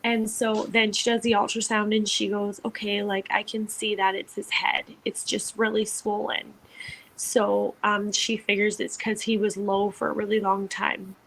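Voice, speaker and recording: A woman's voice: medium pitch, a bit bright, poor audio. A young woman co-hosting a podcast, telling a personal story in a chatty way, full of "like" and acted-out quotes. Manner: chatty, lots of "like", acts out quotes. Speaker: podcast co-host. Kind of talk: casual storytelling.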